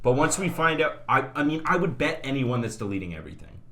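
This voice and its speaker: A man's voice: mid-range voice, very animated, fast, sharp tone, a little hiss or hum. A man co-hosting a podcast in casual chat, loose and laughing, full of "like". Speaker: podcast co-host.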